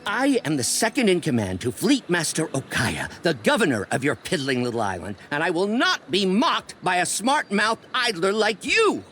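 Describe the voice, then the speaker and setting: A man's voice: sits high, wildly swooping pitch, moderate pace, few pauses, pushed and bright, slight background noise, pitched above the performer's own voice, exaggerated voice. A man voicing a pompous, hot-tempered middle-aged official who is easily insulted. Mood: indignant. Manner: stiff, pompous, erupts in rage.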